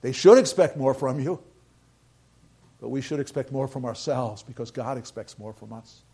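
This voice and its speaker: A middle-aged male pastor preaching a sermon, emphatic, swinging between loud bursts and quiet asides, repeating phrases for stress. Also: medium pitch, moderate pace, slightly rough. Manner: repeats phrases for stress, quotes scripture and hymns.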